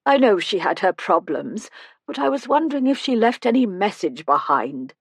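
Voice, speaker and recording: A woman voicing a polite, shrewd older lady who probes gently. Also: medium pitch, sing-song, moderate pace, husky, dry recording, studio quality, pitched above the performer's own voice. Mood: probing. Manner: polite, probing.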